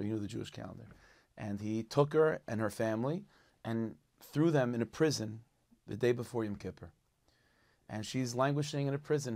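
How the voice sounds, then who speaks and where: A man, a rabbi, telling a story in a casual, animated, conversational way, full of religious terms. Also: mid-range voice, gravelly.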